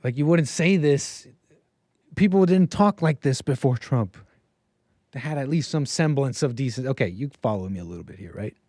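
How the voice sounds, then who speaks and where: A man's voice: medium pitch, expressive, moderate pace, a little mellow, no room sound. Rambling man hosting a call-in stream. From United States. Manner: rambling, with frequent restarts and asides. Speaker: livestream show host. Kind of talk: casual call-in show monologue.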